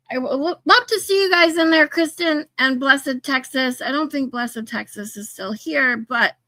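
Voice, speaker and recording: A woman's voice: high voice, bright, forceful tone, no echo. A woman hosting a casual livestream, chatting with viewers, swearing casually and laughing often. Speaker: livestream host. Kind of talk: casual livestream chat, reading chat.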